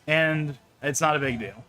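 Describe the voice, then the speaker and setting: A man's voice: on the high side, measured pace, fairly bright tone. A young man chatting casually on a live stream while playing a game, rambling, laughing often and repeating words.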